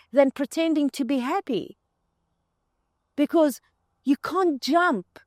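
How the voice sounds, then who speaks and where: A woman delivers a motivational spiritual talk straight to the listener, leaning on repeated words for emphasis. Her voice sits at an ordinary middle pitch. The recording is dry and close, with little room sound. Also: no echo. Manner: addresses the listener directly as "you". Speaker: host.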